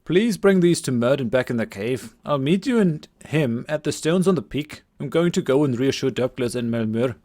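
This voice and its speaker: A man's voice: medium pitch, animated, normal speed, hardly any pauses, darkish tone, natural voice. A man voicing a young male apprentice with an overdone put-on Scottish accent, talking anxiously and earnestly.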